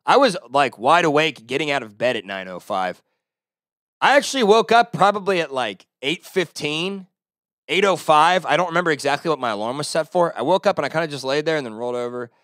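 Brief: Texan guy, solo podcast host, profane rants, lively up-and-down delivery. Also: on the high side, brisk, dry recording, studio quality. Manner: profane, ranting, swings between loud outbursts and muttering. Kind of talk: casual solo podcast rant. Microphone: close-talking podcast mic.

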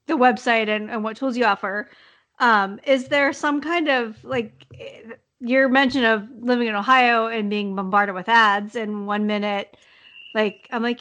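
A woman hosting a casual interview, winding her way through long questions full of "like" and "you know." Her voice sits at an average pitch for a woman. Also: fairly bright tone. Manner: chatty, rambling questions with many fillers.

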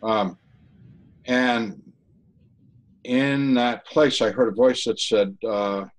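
A man giving an earnest personal testimony in an interview, talking haltingly with frequent restarts. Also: medium pitch, low-quality recording. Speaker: interview guest.

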